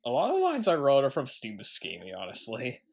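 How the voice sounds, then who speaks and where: A man's voice: medium pitch, huge pitch swings, a little fast, creaky, darkish tone, husky. Laughing man rambling about movies. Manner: laughs often, quotes lines, loose and rambling. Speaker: podcast co-host. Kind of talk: casual movie chat.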